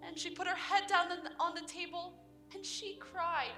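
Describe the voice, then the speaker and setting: A teenage girl playing a worried mother of the bride in a high school stage play. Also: steady tone, moderate pace, sharp tone, faint music behind. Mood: wistful. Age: teens. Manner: wistful, then indignant. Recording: echoey auditorium from a distance.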